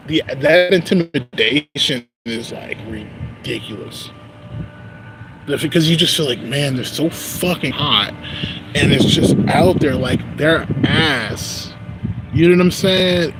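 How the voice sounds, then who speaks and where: Rambling, cursing man outdoors by traffic. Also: fairly high pitch. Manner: rambling, heavy swearing, frequent "you know what I'm saying". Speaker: vlogger. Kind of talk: casual unscripted monologue. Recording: street and traffic noise.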